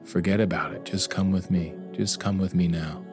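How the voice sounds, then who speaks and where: A man quoting a gentle, loving wife. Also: deep voice, fairly even intonation, normal speed, loud music behind the voice. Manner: soft, reassuring. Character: gentle, loving wife comforting her husband.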